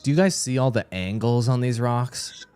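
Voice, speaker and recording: A man hosting a game showcase livestream, joking loudly and mock-excited in casual banter with a guest. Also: mid-range voice, normal speed, smooth. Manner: loud, goofy, mock-excited. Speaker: host.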